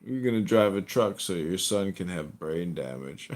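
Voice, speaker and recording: A man's voice: low voice, animated, moderate pace. A man hosting a podcast, trading crude, mocking and profane banter with a caller. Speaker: podcast host.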